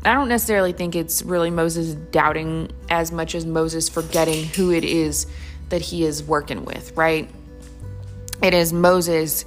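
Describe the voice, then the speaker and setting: Gravelly low-voiced woman teaching scripture. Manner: chatty and enthusiastic, thinking aloud with fillers. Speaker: Bible study teacher. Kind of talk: casual Bible study commentary.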